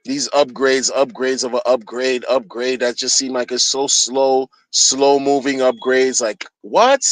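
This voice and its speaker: A man's voice: medium pitch, level tone, a little slow, hardly any pauses, a bit bright, no room sound, rough recording. A man streaming a heated solo rant, agitated and profane, often repeating himself.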